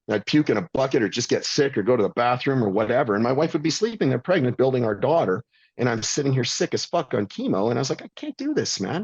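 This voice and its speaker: Blunt, profane man in his fifties, husky voice, dry muffled recording. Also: medium pitch, no echo. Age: 50s. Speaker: guest. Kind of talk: casual storytelling.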